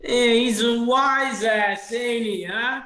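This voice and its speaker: A man's voice: extremely high pitch, slow pace, sharp tone, roomy sound, recorded from a distance, voice pushed up, exaggerated voice. A man voicing a band of small, foul-mouthed male redcap gnomes who bicker and threaten. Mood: sneering.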